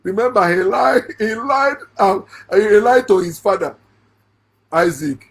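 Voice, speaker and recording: Husky Nigerian man, mocking and laughing. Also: high voice, a little slow. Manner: laughs often, sarcastic, rising into shouts. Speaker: online Bible commentator. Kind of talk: mocking monologue on scripture.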